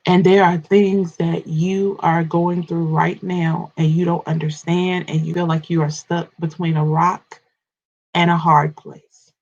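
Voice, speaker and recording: A woman's voice: on the low side, flat delivery, unhurried, darkish tone, lo-fi sound. A woman coaching and ministering in a live morning devotional, addressing her listeners directly, with repetition and stammered restarts.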